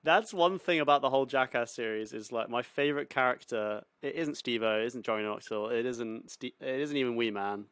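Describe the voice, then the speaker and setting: Young male co-host, smooth clear voice, relaxed, dry studio sound. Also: mid-range voice, fairly quick, hardly any pauses, no room sound. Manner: relaxed, enthusiastic, swears casually. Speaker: podcast co-host. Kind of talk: casual podcast chat.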